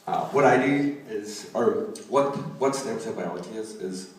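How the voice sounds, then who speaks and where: A young man from Donegal with an Irish accent, performing a stand-up comedy set in a halting style full of fillers. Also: lowish voice. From Ireland. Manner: halting delivery with many fillers, shouting acted quotes. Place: comedy club stage. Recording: echoey room, distant mic, noisy. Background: audience laughter.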